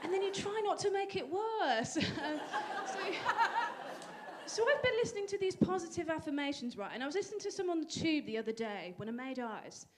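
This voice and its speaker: A young woman from England performing a stand-up comedy set with a dry, self-deprecating delivery and sudden high bursts. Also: lively intonation, brisk, a faint crowd, a little hiss or hum. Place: comedy venue stage. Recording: live audience laughter.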